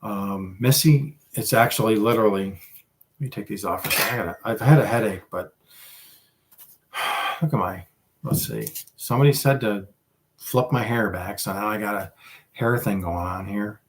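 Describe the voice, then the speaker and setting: A man's voice: lowish voice, normal speed. A man hosting a casual livestream, chatting with viewers in a rambling, self-deprecating way. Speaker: livestream host.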